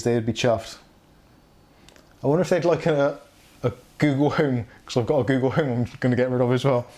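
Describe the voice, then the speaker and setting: A man's voice: medium pitch, dark tone. A middle-aged man hosting a casual live tech chat stream, reading viewer comments aloud and laughing often.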